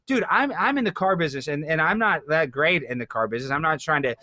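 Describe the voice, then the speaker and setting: A man talking as a podcast guest in casual conversation, ranting excitably and mimicking other people. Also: on the high side, fast talker, no room sound, studio quality.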